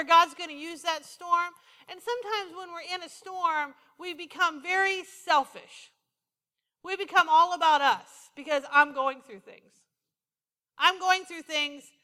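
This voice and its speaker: Woman pastor, middle-aged, high bright voice, conversational sermon in a reverberant church. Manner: conversational preaching, repeats phrases for emphasis.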